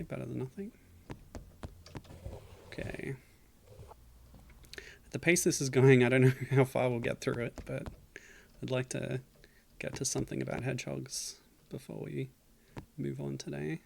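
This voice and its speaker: A man's voice: medium pitch, a little slow, gravelly, long pauses, a little hiss or hum. A man streaming a game, chatting casually and reading game text aloud with dry, self-mocking asides. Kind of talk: casual gameplay commentary.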